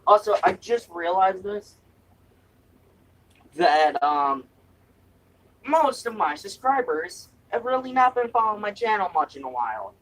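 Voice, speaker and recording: Young man, casual snack-review vlog, slightly high voice, swings up and down a lot, jokey and swearing, mic a bit distant. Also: sing-song, unhurried, pauses often, a bit bright. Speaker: food review vlogger. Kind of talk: casual taste-test vlog. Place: room at home with window open.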